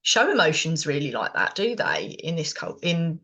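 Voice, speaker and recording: A woman's voice: low voice, very animated, moderate pace, fairly bright tone, breathy edge. Chatty middle-aged British woman. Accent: British English. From Britain. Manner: rambling, many fillers and restarts. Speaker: podcast co-host. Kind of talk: casual chat.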